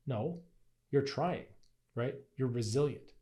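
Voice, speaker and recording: Male wellness teacher, warm mellow tone, chatty delivery, keeps checking in with "right?", sometimes acts out inner voices. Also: mid-range voice, normal speed. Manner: conversational, keeps asking "right?". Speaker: health and Qigong teacher. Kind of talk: casual teaching talk to camera.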